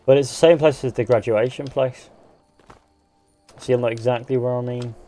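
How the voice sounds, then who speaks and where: English male game streamer, mixed Northern and West Country accent with a Midlands sound, mid-pitched, blunt and sweary, faint music behind. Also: steady tone, normal speed, warm tone. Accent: English, Northern and West Country mix with a Midlands sound. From England. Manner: blunt, sweary banter, reading viewer comments aloud. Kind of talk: casual live-stream chat while gaming.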